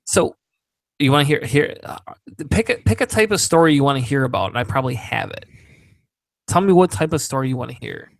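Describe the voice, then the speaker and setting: A man's voice: medium pitch, animated, a little fast, creaky, no echo. A man hosting a podcast, telling stories in casual, profane chat and laughing often. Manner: profane, rambling, laughing storyteller. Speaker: podcast host.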